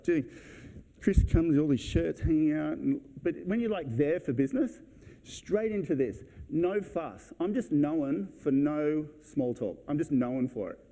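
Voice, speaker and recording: A man giving a conference talk to fellow real estate agents, brisk and blunt, acting out his client conversations. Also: a little high, dark tone. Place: event hall.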